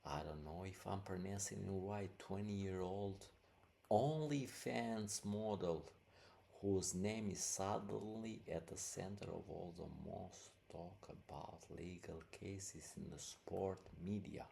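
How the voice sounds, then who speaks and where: Male podcast host: low gravelly voice, slow, loose rambling commentary. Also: warm tone, slight background noise. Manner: rambling, loose, many fillers. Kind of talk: casual commentary.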